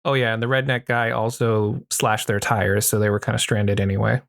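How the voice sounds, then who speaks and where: A man casually recapping a horror film as a podcast host, joking and crude, tossing in quick put-on voices. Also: fairly low pitch, flat delivery, vocal fry, dry recording, clean studio sound. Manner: crude, joking retelling with acted quotes.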